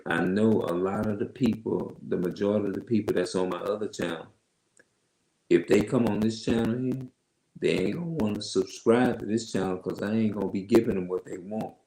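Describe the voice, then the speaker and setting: Man, heavy loud voice, very deep and gravelly, slow emphatic scripture reading, echoey room. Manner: slow, emphatic, repeats himself. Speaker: online religious teacher. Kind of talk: Bible reading with loose commentary.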